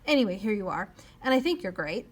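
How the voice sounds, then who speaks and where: A woman voicing an eager young boy who talks quickly and pleads in a higher voice. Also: big pitch swings.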